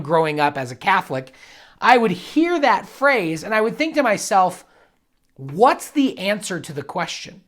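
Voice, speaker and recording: A man's voice: fairly high pitch, fairly bright tone. Earnest man giving devotional teaching. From United States. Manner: earnest and reflective, builds to emphatic bursts.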